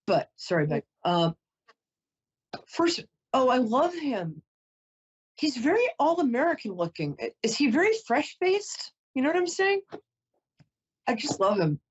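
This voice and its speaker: A woman's voice: high voice, sing-song, unhurried, pauses often, breathy edge, muffled recording. A woman psychic host doing a reading for a caller, chatty, emotional and apologetic, often close to tears.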